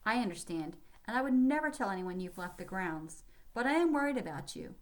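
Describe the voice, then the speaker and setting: A woman reading aloud, voicing an anxious young maid who speaks gently. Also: medium pitch, very animated, brisk, natural voice. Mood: worried. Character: worried young maid friend.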